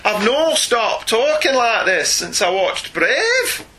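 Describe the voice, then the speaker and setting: A cheeky comic Scotsman with a thick Scottish brogue, drawled out slowly and pitched up high, as a man puts it on. The voice is very bright and cutting. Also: big pitch swings, a little hiss or hum, exaggerated voice. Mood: joking. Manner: slow, drawling, giggly comic impression.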